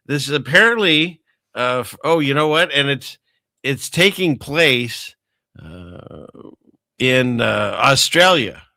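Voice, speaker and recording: Gravelly, chuckling male show host. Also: medium pitch, lively intonation, slow, sharp tone, no room sound, studio quality. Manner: rambling, chuckling, talks to his wife off-mic. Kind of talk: casual livestream chat.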